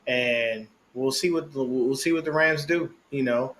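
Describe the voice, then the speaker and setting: A man co-hosting a casual sports podcast, chatting in an animated, slangy way and laughing often. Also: medium pitch, a little slow, slight background noise. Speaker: podcast co-host.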